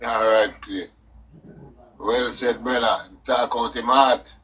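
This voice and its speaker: A man's voice: mid-range voice, steady tone, slow, sharp tone, a little hiss or hum. A man with a Jamaican accent hosting a call-in talk show, hearty and encouraging. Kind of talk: call-in talk radio chat.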